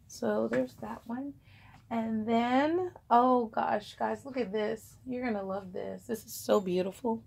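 Brief: female online seller, casual show-and-tell, husky, unhurried, rambling. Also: on the high side, a little mellow. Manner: rambling and chatty, many fillers.

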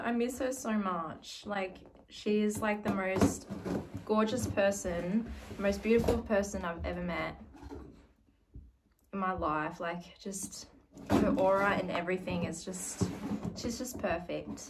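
A young woman vlogging as she unboxes a gift, gushing and excitable, swinging between squeals and soft murmurs. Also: mid-range voice, takes it slowly. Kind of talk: casual vlog, unboxing a gift. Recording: slightly distant mic with faint noise.

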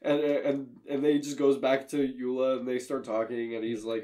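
A man's voice: mid-range voice, flat delivery, normal speed, few pauses, mellow. A man casually recapping a bad movie on a podcast, rambling, laughing often and swearing as he goes. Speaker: podcast co-host.

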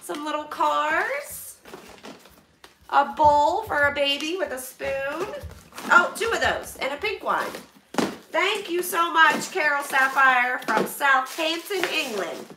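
High-voiced chatty woman, echoey room. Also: expressive, slow, recorded from a distance. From Pennsylvania, USA. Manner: chatty, bubbly, exclaims often, laughs a lot. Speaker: vlogger opening donations on a livestream. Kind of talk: casual livestream chat. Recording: echoey room, voice away from mic, background noise.

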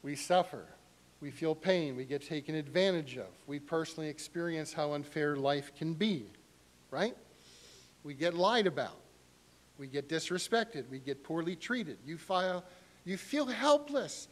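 A middle-aged pastor preaches animatedly at a measured pace, acting out voices marked by sharp rises in pitch.

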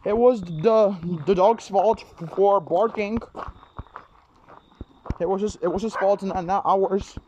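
A man with a notably high voice chats to his viewers in a loose, rambling way, repeating phrases and stumbling as he goes. The recording is noisy, with dogs barking behind him. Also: takes it slowly, pauses often, darkish tone. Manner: rambling, repeats himself, stumbles over words. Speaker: vlogger. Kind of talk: casual vlog chatter.

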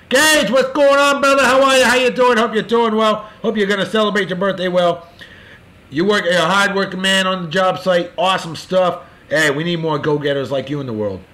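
A man hosting a casual show, giving boisterous, jokey birthday shout-outs in a folksy way. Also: high voice. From California. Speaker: show host.

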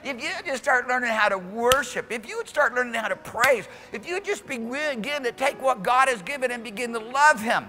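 Male pastor, fervent rhythmic sermon, high bright tone, faint music behind. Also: lively intonation, fairly quick, few pauses, big-room sound. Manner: impassioned preaching with shouted peaks; repetitive, rhythmic exhortation. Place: church service.

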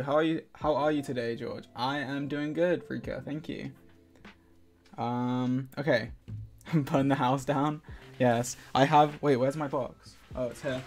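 A male live streamer chats casually while gaming, rambling, giggling and thanking his viewers. His voice is middle-pitched and picked up by a desk microphone, with faint game music playing softly underneath.

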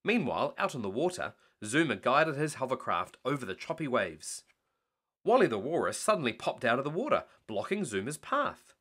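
Male storyteller, bedtime read-aloud, bright and animated. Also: mid-range voice, a little fast. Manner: animated reading.

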